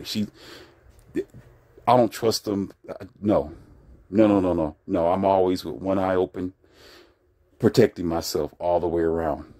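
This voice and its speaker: Blunt lecturing man, low dry voice. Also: darkish tone, no echo. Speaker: relationship commentator. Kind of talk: casual commentary monologue.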